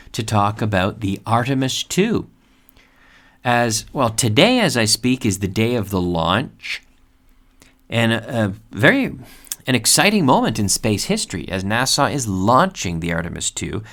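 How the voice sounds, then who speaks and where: A man hosting an English lesson, speaking slowly and repeating key words so learners can practice pronunciation. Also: mid-range voice, a bit bright. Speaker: English teacher and podcast host. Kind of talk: casual vocabulary lesson.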